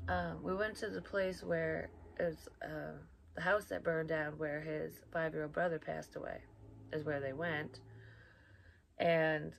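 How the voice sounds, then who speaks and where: A middle-aged woman tells a story in a low, gravelly voice, chatty and rambling, swearing freely as she goes. She sounds like she is recording at home on a built-in mic, with a faint hiss in the background and a lo-fi edge. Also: fairly even intonation, normal speed. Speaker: psychic medium vlogger. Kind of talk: casual storytelling. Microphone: built-in mic, external microphone not plugged in.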